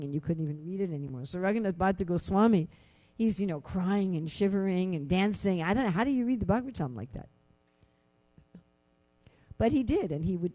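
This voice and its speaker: Woman lecturer, scripture class, chatty with lots of "you know", warm mellow tone. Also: fairly low pitch. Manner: conversational, many "you know" fillers; animated storytelling with rhetorical questions.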